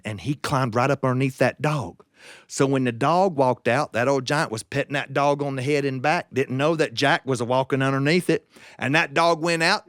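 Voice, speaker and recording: A man's voice: mid-range voice, fairly bright tone, no room sound, clean studio sound. A man telling a folk tale in a folksy, drawling dialect. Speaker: storyteller.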